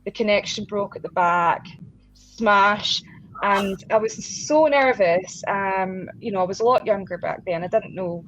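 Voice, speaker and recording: A woman's voice: mid-range voice, unhurried, a bit bright. A woman drummer and singer, a guest in a casual interview, talking in a chatty, self-deprecating way and laughing often. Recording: slightly dull lo-fi audio with faint noise.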